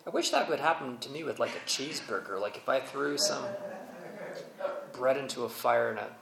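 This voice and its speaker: A male pastor preaching a sermon, telling the story in a relaxed, humorous, conversational way. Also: mid-range voice, moderate pace, gravelly, echoey room, heavy background noise.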